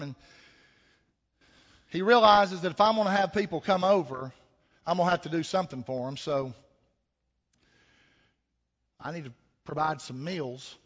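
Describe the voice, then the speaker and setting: Folksy preacher man, high voice. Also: a bit bright. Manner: folksy, conversational, rhetorical questions. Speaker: pastor. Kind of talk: sermon with storytelling. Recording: echoey hall, dull lo-fi sound.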